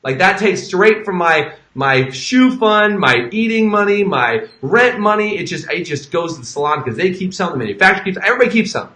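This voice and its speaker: A man hosting an interview, enthusiastic and animated, playing devil's advocate for hairdressers. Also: sits high, fairly quick, few pauses. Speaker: interview host. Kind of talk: conversational interview. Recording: echoey room.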